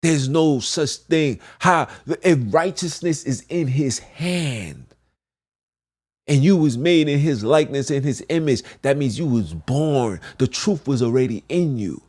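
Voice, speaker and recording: A man's voice: medium pitch, lively intonation, measured pace, darkish tone. A man preaching a fervent, repetitive monologue as a podcast host, slipping into archaic scripture phrasing.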